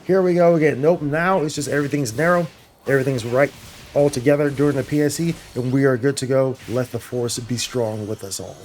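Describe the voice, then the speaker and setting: Briskly and with a darkish tone, a man of medium pitch hypes up game updates for his viewers, peppering his commentary with "bro" and "y'all." A little hiss or hum sits under the recording.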